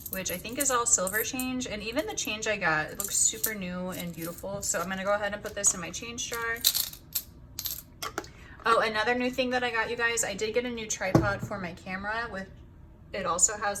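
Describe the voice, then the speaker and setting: A woman's voice: medium pitch, moderate pace, noisy background. A young woman hosting a budgeting vlog, chatting casually to the camera and a little out of breath after work. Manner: chatty, counts cash aloud softly. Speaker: budgeting channel host.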